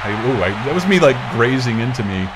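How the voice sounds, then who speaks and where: Brief: male host, joking and rambling, mid-pitched voice, reads chat comments aloud. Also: very animated, fast, over a noisy crowd. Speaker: podcast host. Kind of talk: casual livestream chat.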